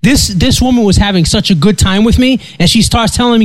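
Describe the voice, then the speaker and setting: A man telling a personal story in casual chat, stammering and repeating himself, getting animated as he goes. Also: high-pitched, brisk, few pauses, no room sound. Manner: stammering, animated storyteller who acts out quotes.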